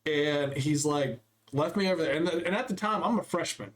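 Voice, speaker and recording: Casting: young adult man, slightly high voice, animated storyteller on a casual podcast. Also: moderate pace. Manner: animated storyteller acting out quotes. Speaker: podcast co-host. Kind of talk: casual chat.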